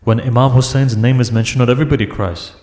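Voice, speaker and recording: A man's voice: mid-range voice, fast, a little mellow. A man giving an emotional mourning sermon at a majlis, building up to impassioned wailing. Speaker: majlis speaker. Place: large prayer hall. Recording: echoey hall.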